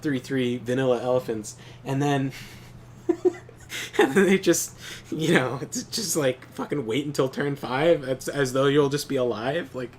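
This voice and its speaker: A young man chats while he plays a game on stream, swearing freely as he tells animated stories. His voice sits at an ordinary middle pitch, and faint noise hums behind him. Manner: animated storytelling, swears often. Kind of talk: casual chat while gaming.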